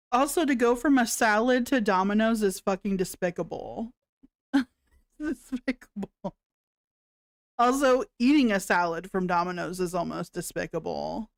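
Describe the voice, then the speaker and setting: A woman's voice: medium pitch, vocal fry, no room sound, studio quality. A woman hosting a livestream, giving sarcastic reaction commentary with frequent laughs and swearing.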